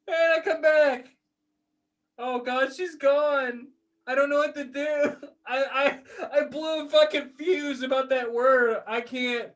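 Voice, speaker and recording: A man's voice: very high-pitched, steady tone, a little slow, fairly bright tone. A man co-hosting a casual podcast chat, swinging into comic mock-outrage rants with silly quoted voices. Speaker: podcast co-host.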